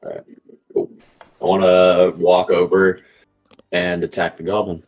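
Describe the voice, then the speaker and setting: A man's voice: deep voice, little pitch movement, a little slow, lo-fi sound. A man playing a tabletop game, planning his move in an easygoing, slightly hesitant way. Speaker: player. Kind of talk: casual tabletop play.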